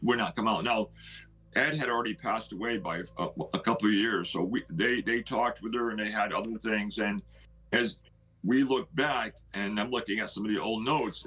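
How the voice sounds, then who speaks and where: A man's voice: lowish voice, slightly rough. A middle-aged man, a homeowner, casually telling his story and acting out what other people said. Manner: animated, retells others' words with "he goes".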